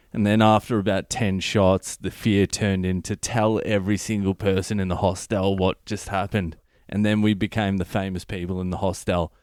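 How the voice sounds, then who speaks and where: Australian male comedian, low voice, dry close sound, sweary animated storyteller. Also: dry recording. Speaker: comedian and podcast host. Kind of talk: comic storytelling monologue.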